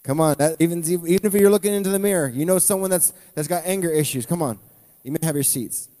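A man's voice: fairly high pitch, fast, warm tone. A male pastor preaching a conversational sermon with asides to the congregation. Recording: long reverb from a church hall.

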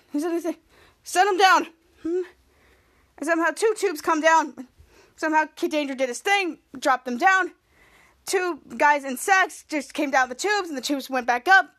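A woman hosting a podcast, casually retelling a TV episode scene by scene with halting, repetitive phrasing and many restarts. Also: high voice, fairly bright tone. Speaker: podcast host.

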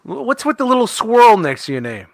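Loud profane joking man. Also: high-pitched, very animated, background noise. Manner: profane, teasing, fast and loud. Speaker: podcast co-host. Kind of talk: crude joking banter.

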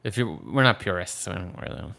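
A man's voice: low-pitched, lively intonation, fast, vocal fry, bright, forceful tone. A man from the Philadelphia area chatting casually about a film as a podcast co-host, rambling with frequent restarts. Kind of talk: casual movie discussion.

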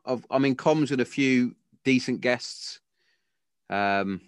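A man's voice: medium pitch, takes it slowly, clean tone, no echo. A man in his thirties hosting a podcast, telling blunt, sweary, jokey stories in casual chat. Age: 30s. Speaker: podcast host. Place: home garden shed.

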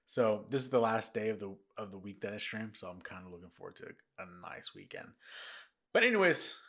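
A man's voice: lowish voice, animated, fairly quick, a bit bright. A man hosting a casual podcast, talking in a rambling way with lots of restarts and repeats, tired and yawning. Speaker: podcast host. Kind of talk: casual news chat.

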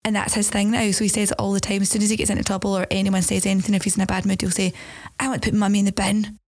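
A Scottish woman co-hosting a parenting podcast, telling stories about her kids in an animated way. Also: mid-range voice, racing, dry recording. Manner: animated storyteller. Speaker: podcast co-host. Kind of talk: casual chat.

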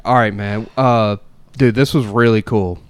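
A man's voice: fairly low pitch, steady tone, measured pace, clear, resonant tone. A young adult man hosting a podcast in casual chat, loose and slangy, calling everyone dude and bro. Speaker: podcast host.

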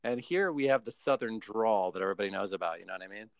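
A man's voice: fairly low pitch, quick pace, no echo. Laughing American guy, dry close sound. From United States. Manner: animated, laughing, lots of fillers and restarts. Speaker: podcast guest. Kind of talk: casual chat.

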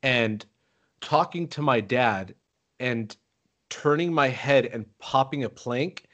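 A man tells stories on a casual podcast. He gets animated and acts out the lines of the people in his stories, bouncing between his own voice and theirs. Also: mid-range voice, slow. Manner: animated storyteller, acts out quotes. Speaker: podcast host. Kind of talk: casual chat.

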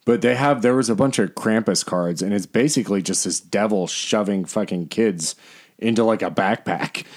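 A man's voice: on the low side, normal speed. A man talking casually as a podcast co-host, rambling with lots of fillers, restarts and swearing. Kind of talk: casual chat.

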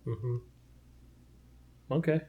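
A man's voice: drawn-out words, warm tone. A man with a mid-range voice in easygoing podcast conversation. He pushes back emphatically, often repeating his words for effect. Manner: emphatic, repeats himself, mock-dramatic. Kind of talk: casual chat.

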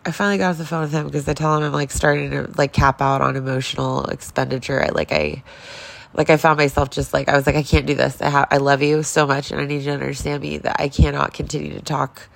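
This vlogger, a woman in her forties, talks fast in a low-pitched voice with vocal fry. Near tears and upset, she rambles through a casual confessional vlog, raw and full of swearing.

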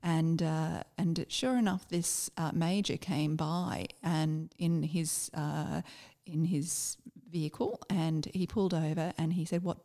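A middle-aged Australian woman, a former army officer, telling a personal story in a reflective, halting way with many fillers. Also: sits low, fairly even intonation, vocal fry, warm tone.

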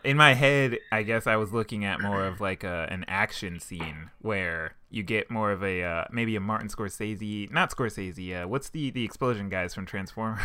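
A man co-hosting a relaxed podcast conversation. His voice sits a little low but has a very bright, sharp edge. He riffs casually and jokes along with his partner. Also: smooth. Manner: laid-back, joking, quick to laugh along. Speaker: podcast co-host. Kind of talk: casual chat.

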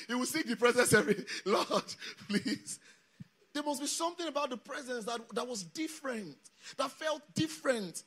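Bright, emphatic preacher man. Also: very high-pitched. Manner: emphatic, leads congregation in reading aloud. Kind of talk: sermon. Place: church or camp meeting hall.

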